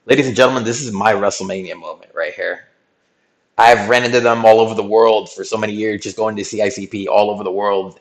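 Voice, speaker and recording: A man with a lowish voice tells a long story to his stream. He talks in loose slang and keeps checking in with "right?" and "bro", jumping up high when he quotes people. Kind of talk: casual storytelling recap.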